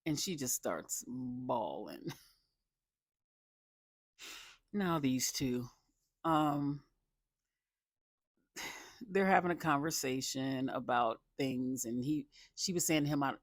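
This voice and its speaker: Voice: medium pitch, animated, slow, pauses often, dry recording, clean studio sound. Rambling, laughing reality show recapper. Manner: rambling, stops often to restart sentences; laughs a lot while recounting. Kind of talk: casual commentary.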